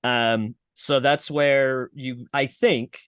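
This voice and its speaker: A young man talks loosely on a podcast, a comedian swearing freely as he rambles through long explanations. His voice sits at an ordinary middle pitch. The sound is dry and close, with no room around it. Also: steady tone, drawn-out words, fairly bright tone, smooth, no room sound. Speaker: guest comedian. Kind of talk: casual podcast chat.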